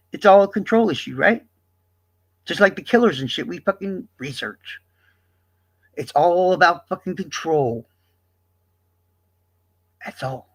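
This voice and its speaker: A man's voice: sits high, a bit bright. A man streamer from the American South, delivering a profane, combative rant straight at his chat. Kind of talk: ranting livestream monologue.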